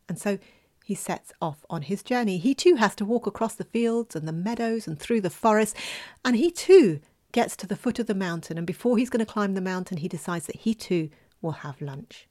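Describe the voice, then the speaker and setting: A woman telling a folk tale in a lively, expressive way, dropping at times into a whisper. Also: mid-range voice, moderate pace. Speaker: storyteller.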